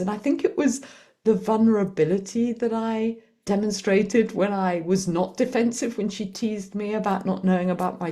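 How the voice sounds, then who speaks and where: Animated woman telling stories. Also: mid-range voice. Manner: animated, acts out quoted voices, quick bursts. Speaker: guest, author and executive coach. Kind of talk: conversational storytelling.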